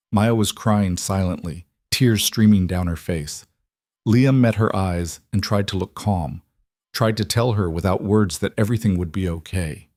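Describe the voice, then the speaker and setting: A man narrates a scripted thriller in an even, dramatic way. His voice is low. The sound is dry and close. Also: a little slow, dry recording.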